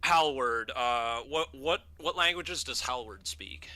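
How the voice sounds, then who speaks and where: A man running a tabletop game as game master, narrating with many halting pauses and fillers. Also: medium pitch, pushed and bright, no room sound.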